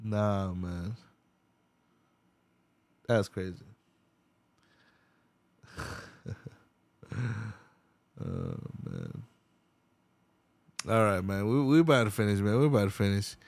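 A man's voice: lowish voice, very animated, slow, creaky, pauses often, darkish tone, no echo. A man hosting a podcast, ranting casually in a rambling, profane way and laughing often. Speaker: podcast host. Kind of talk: casual rant.

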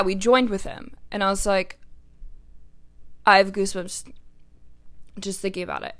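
A woman's voice: mid-range voice, a bit bright. A young woman, hosting a podcast and telling a personal story in a chatty way, full of fillers and casual swearing. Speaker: podcast host.

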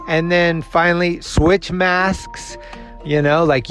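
A fairly high-voiced man hosts his own show and tells a rambling personal story in a casual monologue. He acts out everyone else's lines, swears freely and laughs at himself. Faint music plays behind him. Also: slow pace. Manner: animated, acts out the other people's lines. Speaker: show host.

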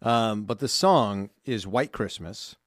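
A man co-hosting a podcast in casual chat, playful and animated as he tells stories. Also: fairly low pitch, slow, no room sound, clean studio sound. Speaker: podcast co-host.

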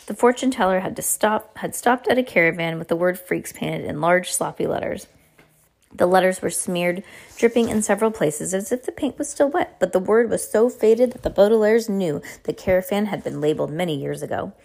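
A woman's voice: lowish voice, lively intonation, brisk, gravelly, a little mellow. A woman reading a novel aloud in a casual way, stopping now and then to chat with a listener. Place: at home under a blanket.

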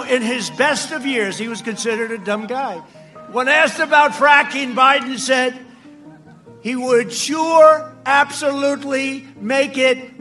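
A man with a high, bright and forceful voice delivers a campaign speech to a large rally crowd. He talks in a boastful, mocking way, repeats phrases and often breaks into shouts. Faint music plays somewhere behind him. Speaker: political speaker at a rally.

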